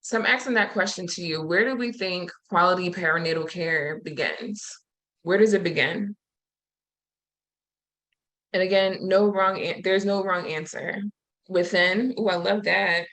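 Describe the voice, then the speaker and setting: A woman presenting over a video call who leads a slow, soothing breathing exercise and reads affirmations aloud. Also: mid-range voice, poor audio. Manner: soothing, slow guided meditation cues, warm affirmations. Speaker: summit presenter.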